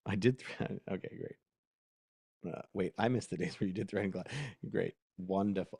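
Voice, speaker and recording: A man's voice: lowish voice, moderate pace, vocal fry, darkish tone, dry recording, studio quality. A man hosting a casual live workshop, talking in a chatty, self-mocking way while dictating prompts aloud. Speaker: host.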